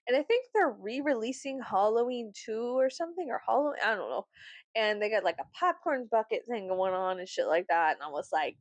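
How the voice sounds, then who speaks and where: A woman's voice: on the high side, sing-song, fairly quick, dry recording. A woman vlogger chatting casually, swearing often, breaking into laughter and theatrical outbursts. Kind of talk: casual chat.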